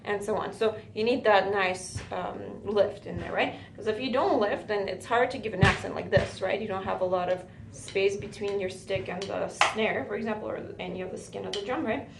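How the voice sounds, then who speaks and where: A woman's voice: mid-range voice, normal speed, vocal fry, few pauses, heavy background noise. A woman teaching a drum lesson, talking patiently and often checking with "right?". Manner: patient, counts beats aloud, says "right?" often. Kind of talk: music lesson for a student. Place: music school room with a drum kit. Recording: echoey room with loud drums. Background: drum playing.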